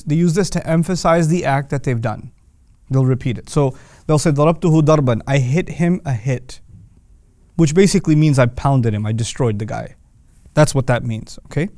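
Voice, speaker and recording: A man's voice: medium pitch, a little mellow, dry recording. Man explaining in a dry, close recording. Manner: conversational, explains with everyday examples. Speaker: teacher of Quranic Arabic. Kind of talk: casual explanatory lesson.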